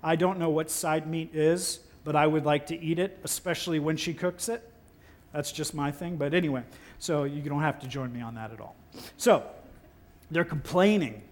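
Man giving a sermon, high voice, chatty and playful, incredulous outbursts. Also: normal speed. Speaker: pastor.

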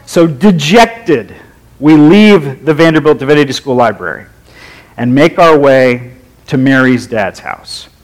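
A man's voice: medium pitch, animated, measured pace, rough recording. A man preaching a sermon, leading a prayer and telling personal stories in a wry, humorous, conversational way.

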